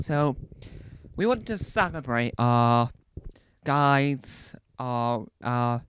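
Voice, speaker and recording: A man telling a rambling, animated comedy story as a stand-up comedian. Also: a little high, a little hiss or hum. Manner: animated, rambling, acts out bits.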